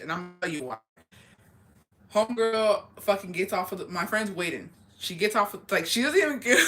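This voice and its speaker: Profane, animated young woman storyteller. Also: fairly low pitch, slight background noise. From rural area. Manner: profane, animated, swears constantly. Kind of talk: casual storytelling chat.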